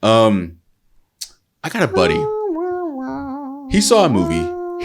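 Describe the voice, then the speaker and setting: Casting: male podcast co-host, lively up-and-down delivery, jokey, mock-serious rants, curses a lot. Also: lowish voice, takes it slowly, loud music behind the voice. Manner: jokey interjector, mock-solemn rants, swears freely. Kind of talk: casual chat. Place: Texas.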